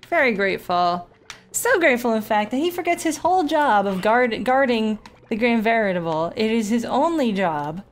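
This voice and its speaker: A woman streamer in casual gameplay commentary, telling stories in a chatty, animated way and swearing often. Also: on the high side.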